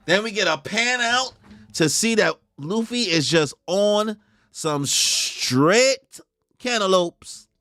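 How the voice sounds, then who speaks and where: A man hosting a live manga reaction who talks in a casual, slangy, excitable way. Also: sits high, slow pace, no echo. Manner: slangy, excitable, goes off on tangents.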